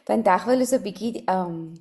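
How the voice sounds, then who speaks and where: A woman's voice: medium pitch, moderate pace, a little mellow. A South African woman co-hosting a casual podcast, chatting and slipping between English and Afrikaans. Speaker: podcast co-host. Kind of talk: casual chat.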